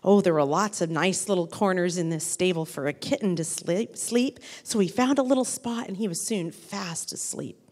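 A woman telling a story to a group of children, animated and asking them questions along the way. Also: on the low side, moderate pace, hardly any pauses, big-room sound.

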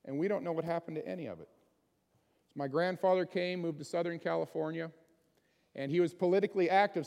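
A man's voice: high voice, vocal fry, darkish tone, in a large hall. A man preaching a sermon in a conversational way, often putting questions to his listeners. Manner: conversational, asks the congregation many questions. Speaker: pastor.

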